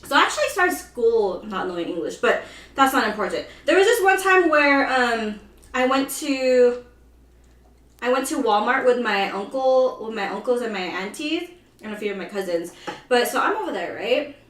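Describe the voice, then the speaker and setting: An animated woman from the Philippines tells her childhood stories in a relaxed chat, laughing as she acts out the people in them. Her voice sits high and swings widely. The room echoes, and she is some distance from the mic. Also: normal speed. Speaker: co-host. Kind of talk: casual storytelling. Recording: roomy echo, mic at a distance.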